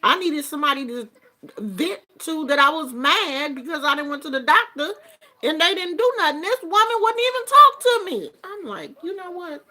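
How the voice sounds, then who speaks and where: A woman hosting a show and telling a story in casual chat, animated and acting out what people said. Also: high-pitched, moderate pace. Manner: animated, acts out quotes. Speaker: host.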